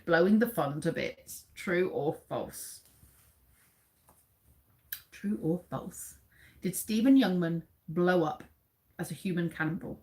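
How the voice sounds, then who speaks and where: Chatty British woman hosting a live quiz. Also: on the low side. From England. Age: 40s. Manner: chatty, reads out facts and answers viewers by name. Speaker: livestream host. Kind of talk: casual live quiz chat. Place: dim room at home.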